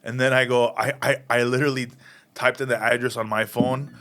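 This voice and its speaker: A man's voice: medium pitch, fairly quick. A man in his thirties, a stand-up comedian, telling anecdotes in a casual interview and acting out the people in them. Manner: animated, acts out voices in anecdotes.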